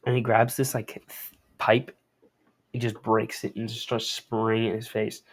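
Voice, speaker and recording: A man's voice: lowish voice, completely flat delivery, normal speed, slightly rough. A young adult man reading a comic aloud and chatting about it. He talks in easy slang with laid-back, hedging asides. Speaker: comic reader and commentator. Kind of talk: casual comic read-along commentary.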